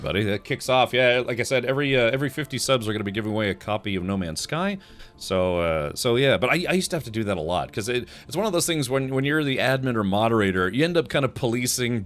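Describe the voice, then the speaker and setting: Low-voiced man rambling on a stream. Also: fairly bright tone. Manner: rambling, joking, reads chat messages aloud. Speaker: livestream host. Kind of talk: casual livestream chat.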